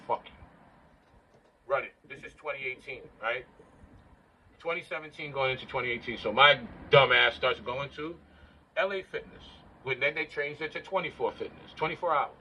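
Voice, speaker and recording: A man's voice: a little high, pushed and bright, muffled recording, a little hiss or hum. A man in his forties rambling casually to the camera in a blunt, boastful and profane way. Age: 40s. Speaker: vlogger.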